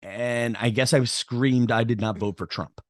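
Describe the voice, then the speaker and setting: A man's voice: medium pitch, fairly even intonation, measured pace, no echo. A middle-aged man hosting a casual podcast interview, telling a story in a rambling way with many restarts and fillers. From Irish heritage, New York area. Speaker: podcast host.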